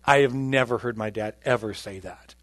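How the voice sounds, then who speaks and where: A male pastor preaching a sermon, telling a personal testimony earnestly and swinging between loud emphasis and quiet. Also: mid-range voice, moderate pace, no room sound.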